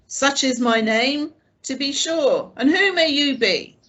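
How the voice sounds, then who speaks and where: A woman voicing a cunning, one-legged male pirate innkeeper who talks loud and stern. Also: high voice, slow, pitched above the performer's own voice. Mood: blustering.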